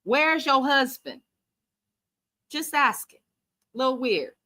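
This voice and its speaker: A woman hosting a casual live-stream recap of a reality show, talking in an animated, sassy way and reading out viewer comments. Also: sits high, slow pace.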